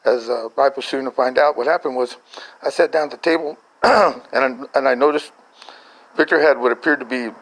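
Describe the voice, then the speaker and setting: A man's voice: medium pitch, brisk, a bit bright, poor audio. An older man, a grandfather, telling a family story in a casual voice message, rambling and chuckling through many restarts.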